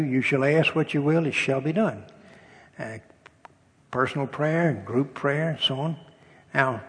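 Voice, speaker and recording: An older pastor preaches a sermon in a folksy storytelling style, adding humor and acting out dialogue. His voice is a little high, husky, with vocal fry, and the recording carries the long reverb of a hall.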